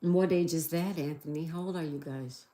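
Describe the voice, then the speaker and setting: A middle-aged woman with a low, dark-toned voice hosts a relaxed livestream at a brisk pace. The sound is reverberant as she chats, giggles and reads viewers' comments aloud.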